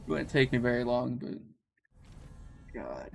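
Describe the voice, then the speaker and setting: Streaming a game with a groggy morning voice, a Canadian man makes laid-back, slang-filled, meandering small talk. He speaks at a medium pitch and normal pace with little variation in tone, soft music playing behind him.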